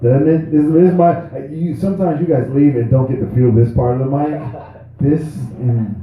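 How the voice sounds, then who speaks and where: A man's voice: medium pitch, normal speed. A man hosting an open mic, musing darkly and dryly between acts. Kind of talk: stand-up host banter. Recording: distant mic, echoey room, tinny sound.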